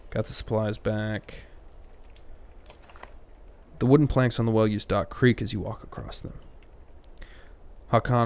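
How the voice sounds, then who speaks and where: A man's voice: medium pitch, darkish tone. A man playing through a story game, reading the dialogue aloud and cutting in with crude, joking asides. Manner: reads game dialogue, breaks off with crude jokes and muttered asides. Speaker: let's play host reading game text.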